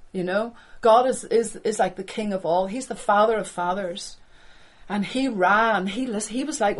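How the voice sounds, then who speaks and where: A middle-aged woman preaches a sermon at a mid-range pitch. She delivers it with passion, says key phrases twice for weight, and swings from hushed, lowered lines to loud, high exclamations. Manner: impassioned, repeats phrases for emphasis, swings between hushed and loud.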